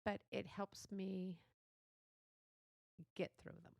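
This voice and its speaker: A woman's voice: medium pitch, little pitch movement, takes it slowly, creaky, darkish tone, dry recording. An older woman hosting a solo podcast, chatty and motherly, laughing often as she talks. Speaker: podcast host. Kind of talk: casual solo podcast talk.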